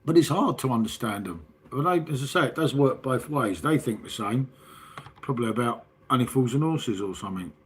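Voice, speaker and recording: Chatty husky-voiced southern English man. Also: mid-range voice, animated, fairly quick. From southern England. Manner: chatty, rambling, lots of tag questions and "mate". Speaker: livestream host. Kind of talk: casual chat with live chat.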